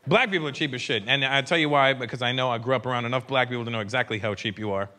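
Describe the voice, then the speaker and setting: A male stand-up comedian performing a brash, profane set and acting out characters in quick quoted voices, live on stage. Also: mid-range voice, sharp tone. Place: large theater with a live audience. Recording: live stage recording with crowd noise. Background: audience laughter.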